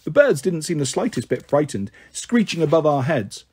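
A man's voice: sing-song, moderate pace, darkish tone, slightly rough. A man reading a children's novel aloud, lifting his voice to play the characters. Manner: voices the characters with a raised pitch. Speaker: storyteller.

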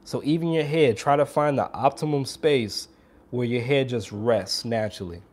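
A man's voice: mid-range voice, normal speed, a little mellow. A man giving a casual trumpet lesson, talking straight to viewers in an upbeat, hands-on way. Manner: upbeat, demonstrates by putting on strained voices. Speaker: trumpet teacher.

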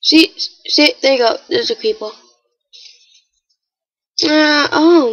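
A woman giving casual, chatty commentary while playing a game, with excitable, startled exclamations. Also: high-pitched, unhurried, long pauses, highs cut off. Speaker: gamer.

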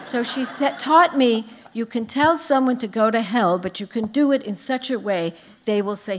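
Older woman telling lively stage stories. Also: fairly high pitch, moderate pace, a little hiss or hum. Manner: lively, humorous anecdotes. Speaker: author guest at a book festival. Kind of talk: storytelling on stage. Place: live event with an audience.

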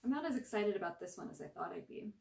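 A woman's voice: fairly low pitch, sing-song, quick pace, vocal fry, a little mellow, roomy sound, recorded from a distance, exaggerated voice. A woman voicing a wry, teasing preteen girl who likes to take charge. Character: sassy preteen girl who mocks and leads.

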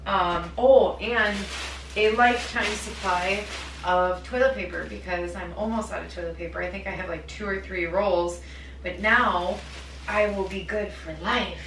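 A woman's voice: medium pitch, fairly even intonation, a little slow, fairly bright tone, slight background noise. A woman filming herself cleaning her kitchen at home, chatting and rambling to herself and laughing at her own remarks. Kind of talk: casual chatty self-talk while cleaning. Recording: echoey room, from far off, with music. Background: background music.

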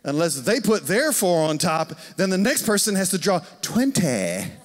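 A man's voice: sits high, normal speed. A man, preaching a conversational sermon and telling stories while asking the congregation questions. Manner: storytelling, animated, asks the congregation questions. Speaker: pastor. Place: church sanctuary. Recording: long hall reverb.

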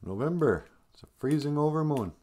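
A man hosts a casual live stream, teaching words while joking and teasing his viewers, including jokey mock-stern scolding. His voice is on the high side, expressive, and darkish, and he talks a little fast.

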